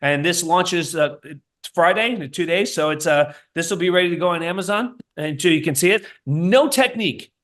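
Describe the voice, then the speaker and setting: A man's voice: a little high, normal speed, a bit bright. A man who is a chiropractor, speaking as a guest in a casual podcast interview with an emphatic, storytelling manner.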